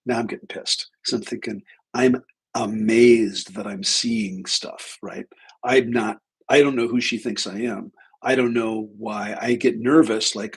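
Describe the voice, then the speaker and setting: A man's voice: lowish voice, steady tone, a little slow, slightly rough, poor audio. A man hosting a livestream as a spiritual teacher, telling a story casually, often breaking off mid-sentence. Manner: rambling, self-interrupting, acts out dialogue.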